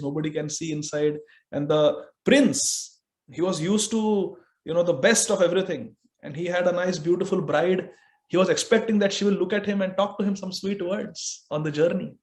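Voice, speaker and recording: A man with an Indian English accent, a spiritual teacher telling a scripture story in an animated way, dropping Hindi phrases. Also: high voice.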